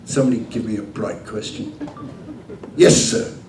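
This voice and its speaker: On a convention stage, an older man with a fairly low voice answers fan questions at a moderate pace, telling lively anecdotes, acting out the dialogue and laughing often. He sounds distant and roomy, as if recorded from across a big echoing hall, with a faint hum underneath.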